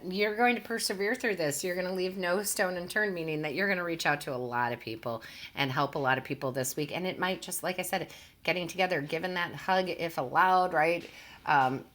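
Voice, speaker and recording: A woman's voice: low-pitched, a bit bright, slight background noise. A woman tarot reader talking casually to her viewers, earnest and gushing, often stumbling over her words.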